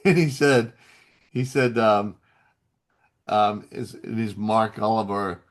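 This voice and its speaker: A man who works as a voice actor, a guest in a casual interview, telling animated stories and laughing often. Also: on the low side, takes it slowly.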